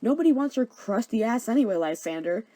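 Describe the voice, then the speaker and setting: A woman's voice: on the high side, expressive, a little fast, dark tone, dry recording, close to an everyday voice. A woman voicing Helena, a clingy, lovesick young woman who pleads in a whiny, raised voice. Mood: pleading.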